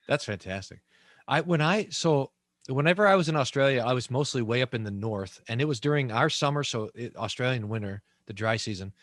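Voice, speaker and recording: Pastor guy hosting an interview, super animated voice, lots of restarts, dry close sound. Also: mid-range voice, dry recording. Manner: enthusiastic, halting with many restarts. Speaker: pastor and host. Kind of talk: long-form interview chat.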